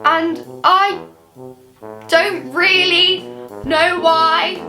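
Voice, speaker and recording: A young woman vlogger tells a personal story in a casual storytime, her high-pitched, sharp voice moving at a normal pace. She rambles and fills her speech with "like," and music plays in the background.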